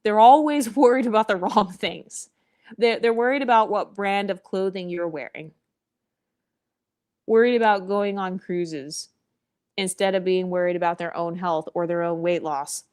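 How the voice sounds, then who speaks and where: A woman talking straight to her audience in a casual vlog, sassy and blunt. She swears freely and drops mocking asides as she airs her opinions. Her voice sits at an ordinary pitch for a woman. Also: moderate pace, darkish tone, smooth. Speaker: vlogger.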